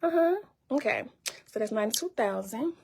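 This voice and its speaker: A woman's voice: on the high side, expressive, a little fast, gravelly, background noise. A woman talking casually to her viewers on a live stream, showing documents and teasing.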